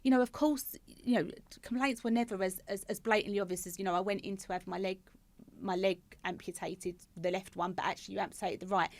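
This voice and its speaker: A woman's voice: mid-range voice, steady tone, fast talker, few pauses, a little mellow. A woman, a podcast guest talking candidly and with emphasis, often repeating words for stress. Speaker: podcast guest, former head of patient experience. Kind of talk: casual conversational interview.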